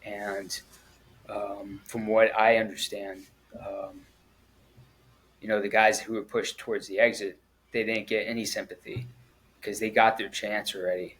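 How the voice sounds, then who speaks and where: A man, a former Marine, telling his story in an interview in a halting, earnest way, with frequent pauses and restarts. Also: lowish voice, flat delivery, fairly bright tone, husky, poor audio. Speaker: guest, former Marine at the Kabul airport evacuation.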